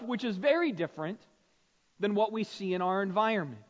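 A man's voice: sits high, expressive, a little fast. A man preaching a sermon to his church, speaking conversationally and often checking in with "right?". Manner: conversational, frequent "right?" tag questions. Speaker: pastor. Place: church sanctuary. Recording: long hall reverb, dull lo-fi sound.

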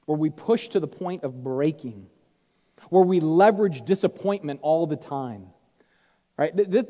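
A man preaching a sermon to fathers, stressing points loudly and then dropping to hushed asides. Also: a little high. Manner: emphatic, swings between loud stress and hushed asides. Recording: echoey hall, dull sound.

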